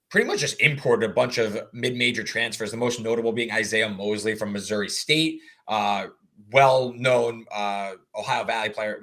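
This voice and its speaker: A man's voice: mid-range voice, a bit bright. Male betting analyst, mid-range voice, casual, walks through stats. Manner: talks through stats and numbers at length with many fillers. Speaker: sports betting analyst co-host. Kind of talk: casual betting podcast chat.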